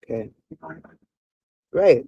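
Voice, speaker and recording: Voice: highs cut off, background noise. A speaker in their forties giving heated reaction commentary, blunt and profane, scolding and firing off rhetorical questions. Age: 40s. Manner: rapid-fire rhetorical questions. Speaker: commentator reacting to a reality show.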